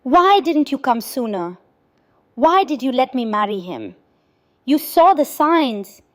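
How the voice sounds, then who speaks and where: A woman reads a hurt young woman from a family drama story, voice set a little high and delivered slowly and deliberately. Her lines come as raw, anguished outbursts and bitter self-blame. The recording is dry and close. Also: very animated, no room sound, exaggerated voice. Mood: angry. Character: distraught young woman, abuse survivor daughter. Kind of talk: scripted story narration.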